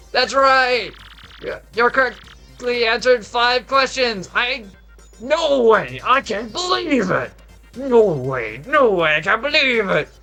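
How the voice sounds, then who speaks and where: A man's voice: very high-pitched, voice pushed up, full character voice. A tired man voicing a boastful stone block quiz master creature in a video game, theatrical and taunting. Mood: outraged. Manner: theatrical, taunting, loudly outraged when beaten. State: tired, strained voice. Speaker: gamer voicing game characters.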